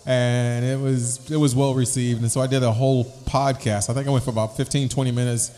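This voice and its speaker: Brief: male podcast host, casual rambling talk, middle pitch, reverberant room. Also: little pitch movement, a little fast, mellow. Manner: rambling, repeats himself, rhymes for fun. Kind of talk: casual chat.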